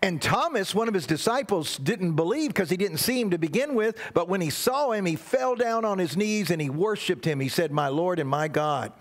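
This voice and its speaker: A man's voice: high voice, animated, normal speed, few pauses. A man leading a church service as guest pastor, telling a playful children's story and leading the congregation. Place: church sanctuary.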